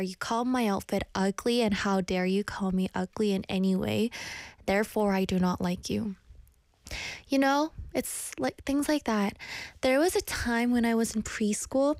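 Young woman host, chatty storyteller, slightly high voice, dry close sound. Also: darkish tone, no echo. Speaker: streamer reading chat messages. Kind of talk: casual chat, reading comments aloud.

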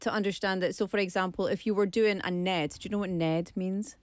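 Woman, smooth animated chat. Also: medium pitch, fairly quick, no echo, clean studio sound. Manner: animated, loves doing accents. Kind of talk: casual chat.

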